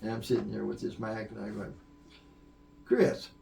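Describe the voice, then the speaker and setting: A man's voice: fairly low pitch, monotone, quick pace, vocal fry, dark tone, recorded from a distance, slight background noise. An older man, a veteran sound engineer, telling long anecdotes in a podcast interview, rambling with fillers and restarts. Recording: echoey room.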